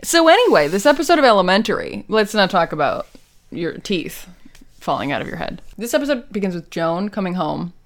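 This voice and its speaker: Recapping a TV episode on the podcast she co-hosts, this woman chats in a brisk, very animated, playful way. She cracks jokes and acts out the quotes, her pitch swinging widely.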